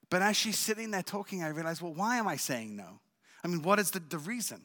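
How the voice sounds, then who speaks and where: A man from Israel sharing his personal testimony as a guest speaker at a church service, with animated storytelling and frequent check-ins with the listeners. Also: sits high, a little fast, in a large hall. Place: church sanctuary.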